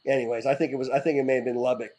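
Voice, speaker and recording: A middle-aged man, a former hockey player, telling rowdy stories as a guest in a casual interview, animated, with frequent restarts and casual swearing. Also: mid-range voice, very fast, low-quality recording.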